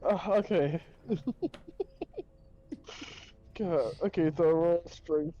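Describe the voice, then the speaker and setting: Mellow-voiced man on a dull lo-fi mic. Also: a little high, extremely slow. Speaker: player. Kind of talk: casual tabletop game play. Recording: dull lo-fi sound.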